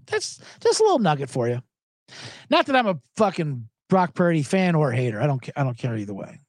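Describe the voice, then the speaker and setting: A man hosting a casual sports podcast, talking in an animated, profane way and jumping between topics with loud mocking impressions. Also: fairly high pitch, fairly quick, no room sound. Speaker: podcast host.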